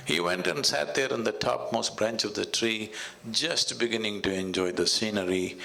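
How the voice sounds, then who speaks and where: A man with an Indian English accent, a spiritual teacher speaking in a measured, storytelling way. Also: medium pitch, creaky. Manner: measured and storytelling, with soft laughs. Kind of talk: conversational teaching with a told fable.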